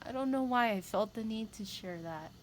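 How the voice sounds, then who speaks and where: A woman's voice: fairly high pitch, animated, moderate pace, a little hiss or hum, poor audio. A woman giving a tarot reading, talking candidly and rambling, with emphatic repeats. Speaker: tarot reader. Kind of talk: casual spiritual talk to camera.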